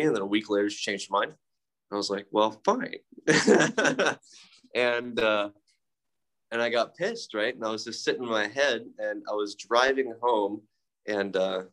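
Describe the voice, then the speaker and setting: A man's voice: lowish voice, fairly bright tone. A young man, telling his own story at a recovery meeting in a candid, profane, self-mocking way, with many fillers. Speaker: speaker sharing at a recovery meeting. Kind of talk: casual personal storytelling.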